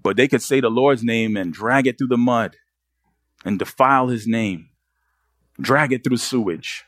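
A man's voice: mid-range voice, unhurried, fairly bright tone, no room sound, studio quality. A man preaching a sermon as pastor, pressing the congregation with earnest rhetorical questions.

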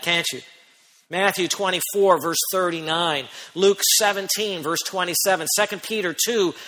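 A man preaching a sermon as pastor, who speaks emphatically and rises to near-shouts on key points. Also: sits high, big-room sound.

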